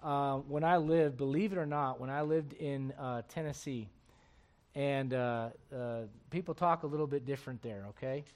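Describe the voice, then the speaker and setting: A man preaching a sermon as pastor of a church, emphatic and swinging between loud bursts and low asides. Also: normal speed.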